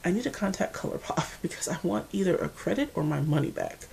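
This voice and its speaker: Mid-atlantic american lady rambling about her makeup stash, low husky voice, swoops up and down a lot. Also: fast. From Mid-Atlantic United States. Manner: chatty, animated, asides and playful impressions. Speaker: beauty vlogger. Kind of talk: casual chat to camera.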